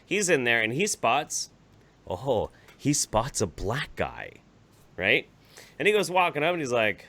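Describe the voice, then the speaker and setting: A man co-hosting a comedy podcast, telling a story in an animated, profane, rambling way. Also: mid-range voice, a little slow. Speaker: podcast co-host.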